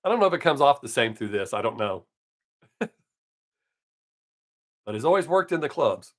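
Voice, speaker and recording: A man's voice: mid-range voice, sing-song, normal speed. A man in his fifties, a comic chatting casually on his live stream, rambling and joking crudely, with a slight scratch in his voice. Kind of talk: casual chat.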